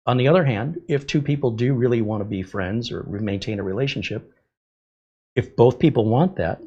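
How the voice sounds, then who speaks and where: A man's voice: medium pitch, darkish tone, husky, lo-fi sound. A middle-aged man hosting a livestream, candidly telling a personal story in casual talk. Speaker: host. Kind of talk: livestream chat.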